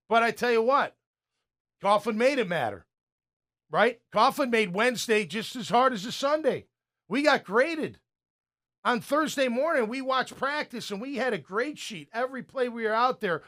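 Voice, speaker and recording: Brief: man, former pro football player turned sports talk host, high-pitched voice, animated storyteller. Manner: animated storyteller, acts out coaches' yelling.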